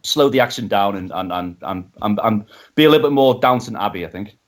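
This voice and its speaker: A man from Liverpool with a softened Liverpool accent, chatting casually as a documentary director on a podcast interview. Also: on the low side, animated. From England. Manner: fast-talking, softening his accent.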